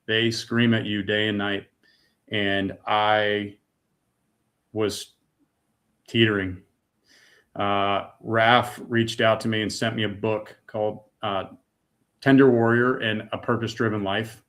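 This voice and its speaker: A man's voice: on the low side, little pitch movement, slow, long pauses, fairly bright tone. A middle-aged man from the United States giving an emotional personal testimony, earnest and raw, repeating words when moved. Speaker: guest.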